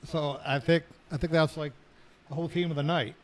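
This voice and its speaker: Man podcast host, somewhat high voice, joking questions, casual. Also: fairly even intonation, fairly quick. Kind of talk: casual chat.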